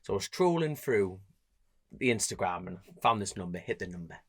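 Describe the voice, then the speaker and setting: A man's voice: a little fast, slightly rough. A man with a Geordie accent, a road racer and podcast co-host, telling stories in casual chat and acting out the quotes. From North East England. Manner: animated, laughing, acts out quotes with big pitch jumps.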